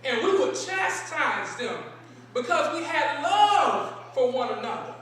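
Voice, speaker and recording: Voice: sits high, big pitch swings, a little slow, fairly bright tone, a little hiss or hum, full character voice. A preacher voicing an elderly Southern grandmother with a Southern accent, telling homely, emphatic stories, recorded from a distance in an echoey sanctuary. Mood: reminiscing.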